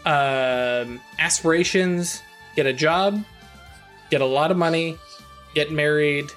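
A man running a tabletop game over a voice call, talking slowly with lots of fillers and restarts. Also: a little high, fairly bright tone, faint music behind. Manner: slow, halting, many fillers and restarts. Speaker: game master.

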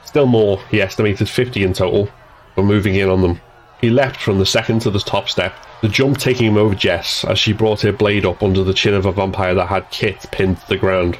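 A man narrating an action scene as a scripted audiobook reading, in a steady, measured way. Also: lowish voice, slight background noise, rough recording.

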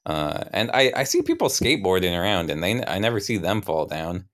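A man's voice: deep voice, huge pitch swings, a little fast, a bit bright. A young man improvising a tabletop role-play, narrating a memory in a rambling, self-interrupting, wry way. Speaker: player narrating his character.

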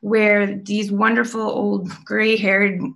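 A woman's voice: medium pitch, level tone, slow pace, creaky, fairly bright tone. A middle-aged woman and podcast guest, telling her life story in a candid, chatty way, with fillers and small laughs.

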